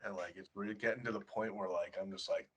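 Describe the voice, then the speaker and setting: A man's voice: on the low side, fairly even intonation, fast, a bit bright, husky. A young man co-hosting a podcast, laid-back and offhand in casual chat. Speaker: podcast co-host.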